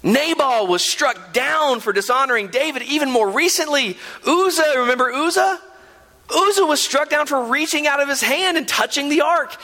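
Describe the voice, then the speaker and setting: Lively bright-voiced male preacher. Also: very high-pitched, normal speed. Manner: earnest, emphatic, with frequent rhetorical "right?". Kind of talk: sermon. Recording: long hall reverb.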